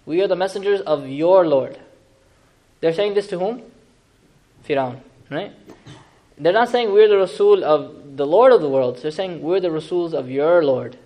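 A man teaching a Quran lesson in a lively, conversational way, asking the audience questions and making joking asides. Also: on the high side, moderate pace, long pauses. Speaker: Islamic teacher.

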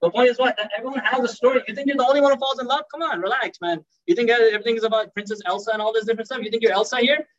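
A man's voice: very high-pitched, rapid-fire, hardly any pauses, muffled recording. A man giving a sermon as a Muslim preacher, speaking conversationally and addressing the audience as brother.

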